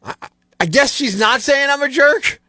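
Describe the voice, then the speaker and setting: A man's voice: very high voice, moderate pace, no room sound. A man hosting a morning radio show, telling stories, joking about the news and laughing often. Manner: animated storyteller, laughs often. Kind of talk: casual radio talk and news jokes. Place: radio studio. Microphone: studio microphone.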